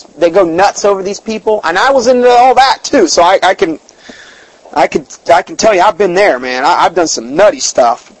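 Man, preacher, high-pitched, emphatic, conversational sermon, restarts and fillers. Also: no room sound, poor audio. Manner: emphatic, voice jumps up when stirred. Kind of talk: storytelling sermon.

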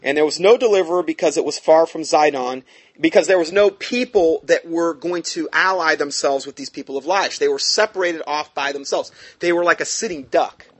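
A man's voice: on the high side, fairly quick, fairly bright tone. A man reading scripture aloud and explaining it in a conversational way, often checking in with his listeners. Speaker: Bible teacher.

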